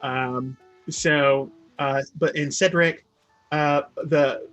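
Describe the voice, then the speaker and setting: A man narrating as game master, halting often with fillers and restarts. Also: a little high, fairly even intonation, fairly bright tone, dull audio, soft background music.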